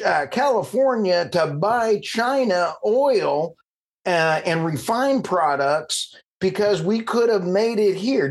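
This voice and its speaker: A man hosting an energy podcast, talking with passion and getting worked up, then apologizing for it. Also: sits high. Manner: impassioned, gets worked up and apologizes. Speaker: podcast host. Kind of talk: conversational interview.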